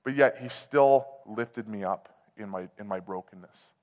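A man preaching a sermon, telling a personal story in a candid, conversational way that swells into loud, passionate outbursts. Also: lowish voice, unhurried. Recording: long hall reverb.

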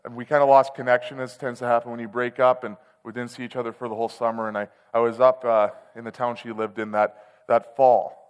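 A man giving a sermon from a large church hall, his voice trailing off into a long reverb. He speaks in an everyday middle register. He tells his own story plainly and candidly, then rises into loud, impassioned cries. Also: mid-range voice, level tone, fast, clear, resonant tone. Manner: candid storytelling that swells to loud, passionate outbursts. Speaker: preacher. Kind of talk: sermon with personal testimony.

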